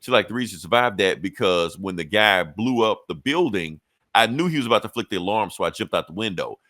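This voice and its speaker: A man casually recapping a comic story on a podcast, swearing freely and acting out the characters' lines in quick bursts. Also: on the low side, lively intonation, fairly bright tone, no echo. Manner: loose, profane storytelling with quick acted-out quotes. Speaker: comic book podcast host.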